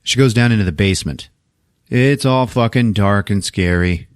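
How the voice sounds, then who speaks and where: A man's voice: lowish voice, normal speed, smooth, dry recording, clean studio sound. A man casually recapping a movie plot on a podcast, laughing often and acting out the characters' lines, with some swearing. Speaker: podcast host.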